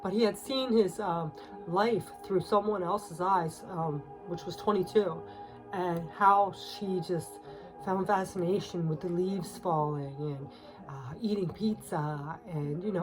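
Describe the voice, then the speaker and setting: A woman's voice: lowish voice, low-quality recording. Teary woman giving a tarot reading. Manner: emotional, confiding, with frequent fillers and soft laughs. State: teary, on the verge of crying. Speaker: tarot reader. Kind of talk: casual spoken tarot reading.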